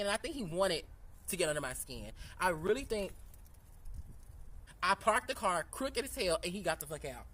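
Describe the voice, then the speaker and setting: A woman vlogger telling a story in a casual, animated and profane way, sitting outdoors. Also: mid-range voice. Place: outdoors in sunlight.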